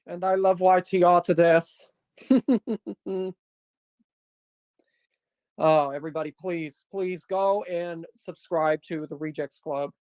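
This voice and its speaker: A panel host chatting casually on a live stream, hesitant and slowly drawn out at times. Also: medium pitch, a little mellow, dry recording.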